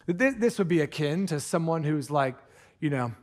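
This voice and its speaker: A man with a fairly high voice preaches in a church, earnest and animated. He swings from urgent appeals down to a near-hush to press a point, then loosens into casual, joking asides. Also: normal speed. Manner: animated preaching, drops to hushed intensity for emphasis; jokey asides with put-on accents. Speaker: pastor. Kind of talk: sermon. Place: church sanctuary.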